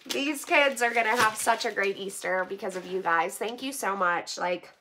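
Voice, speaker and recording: A woman's voice: mid-range voice, moderate pace, noisy background. A woman vlogging as she opens donations, chatty with many fillers and near tears with gratitude. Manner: emotional, near tears, laughing through it. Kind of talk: casual vlog chat.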